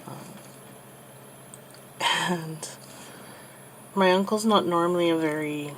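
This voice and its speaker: A woman in her thirties telling a personal story while crafting, soft and halting with many pauses, becoming tearful. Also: fairly low pitch, a little hiss or hum, poor audio. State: tearful, getting emotional. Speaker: crafting channel host.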